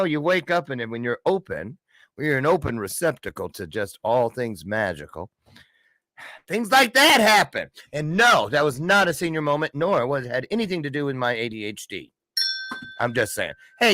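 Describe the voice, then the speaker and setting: A man's voice: medium pitch, fairly bright tone, no echo, studio quality. A man hosting a casual morning podcast, talking to listeners in a chatty, playful way, cracking puns and wandering into little asides. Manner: playful, punning, chatty, jumps between asides. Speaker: podcast host. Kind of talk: casual morning show monologue. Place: Chicago area.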